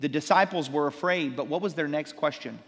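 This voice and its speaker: Male pastor, lively sermon delivery, slightly high voice, long hall reverb. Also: a little fast. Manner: animated preaching, acts out disciples' sarcasm.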